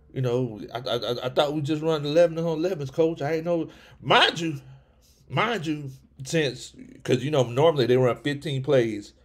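Guy doing a hyped sports stream, laughs a lot, trips over his words, middle-pitched voice. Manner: animated, laughs often, frequent restarts and stammers. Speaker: sports vlog host reading live chat. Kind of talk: excited casual livestream chat.

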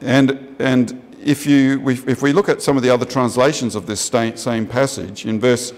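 A man with an Australian accent preaching a sermon in a conversational way, jumping up in pitch for emphasis and often restarting his sentences. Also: fairly even intonation, moderate pace, darkish tone. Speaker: pastor. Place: church. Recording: long church reverb.

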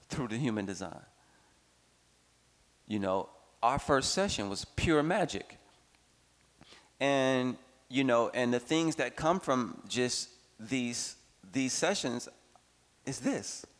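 Man speaking with long hall reverb. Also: medium pitch. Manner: expressive, swings between playful and slow reflective. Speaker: workshop speaker. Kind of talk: animated personal testimony.

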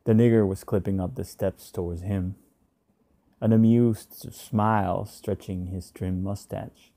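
A man narrating a short story in a measured, subdued way. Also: low voice, steady tone, mellow, no room sound. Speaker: reader.

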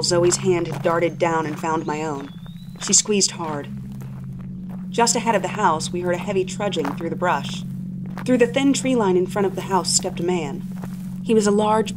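A woman reading a first-person horror story in a measured, tense voice. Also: on the low side, background noise. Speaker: narrator.

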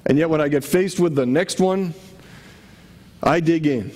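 A man's voice: fairly high pitch, a little slow, long pauses, a little mellow. A man preaching a sermon to his congregation in a conversational way, often asking rhetorical questions. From Connecticut. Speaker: pastor.

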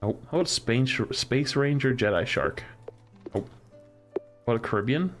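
A man's voice: medium pitch, lively intonation, normal speed, faint music behind. A man streaming a crafting game, musing aloud as he tries one combination after another. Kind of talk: casual live-stream commentary.

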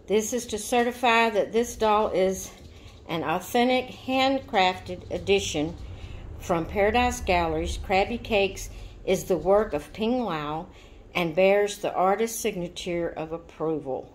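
Slow-talking woman cooing over dolls. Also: medium pitch, a little hiss or hum. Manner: coos in baby talk to her dolls. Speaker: doll collector vlogger. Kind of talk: unboxing video chat.

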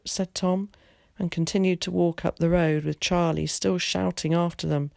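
Brief: female teacher, story read-aloud, gravelly edge, dry close sound. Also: fairly low pitch, fairly even intonation, moderate pace, darkish tone, no room sound.

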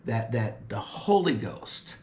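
A man's voice: mid-range voice, big pitch swings, slow, dark tone, echoey room. A man preaching a sermon, emphatic and repetitive, stopping often to say amen.

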